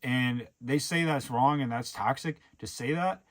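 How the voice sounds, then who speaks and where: A man's voice: mid-range voice, measured pace. Young man, vlogger, rambling, earnest, filler-heavy, casual monologue. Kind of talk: casual personal vlog monologue.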